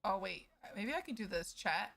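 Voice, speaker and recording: A woman streamer chatting casually out of character to her viewers, animated, swearing freely and laughing through her frustration. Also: medium pitch, moderate pace, poor audio. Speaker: streamer playing a lawyer in roleplay.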